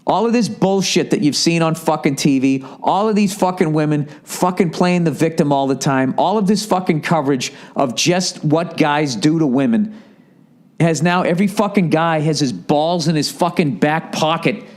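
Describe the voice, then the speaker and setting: Speaking at a normal speed, this Boston-accented, middle-aged man hosts a podcast where he rants with nonstop swearing and ridicules people in goofy impressions. His pitch is fairly high, with a darkish tone.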